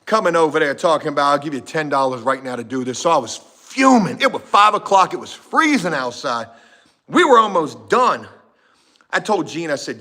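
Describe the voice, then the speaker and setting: Animated, profane man telling a story. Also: a little high, fairly quick. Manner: animated, profane, shifts from shouting to muttering. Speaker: vlogger telling a work story. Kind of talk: casual storytelling to a live chat.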